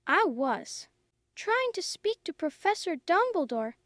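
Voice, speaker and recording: Teenage boy wizard, insistent and demanding, high voice, slow and clear, read by a woman. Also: very animated, a bit bright, dry recording, studio quality, full character voice. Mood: urgent.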